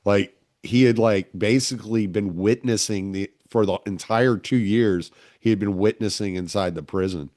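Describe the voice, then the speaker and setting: A man hosting a relaxed conversation, rambling with lots of filler words. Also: lowish voice, moderate pace, few pauses, no room sound, studio quality. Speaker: podcast host. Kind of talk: casual conversation.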